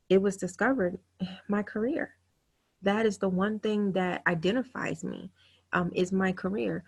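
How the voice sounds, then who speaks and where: A woman in her thirties hosting a webinar, telling her own story in an earnest, candid and emotional way over a computer mic. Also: medium pitch. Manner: earnest, candid and emotional, with quick self-quotes. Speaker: webinar host. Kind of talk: webinar talk, personal storytelling.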